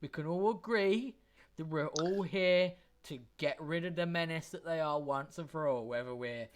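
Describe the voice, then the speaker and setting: A man voicing a nervous human guard who pleads for calm and turns defensive. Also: on the high side, moderate pace, slight background noise, close to an everyday voice. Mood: placating.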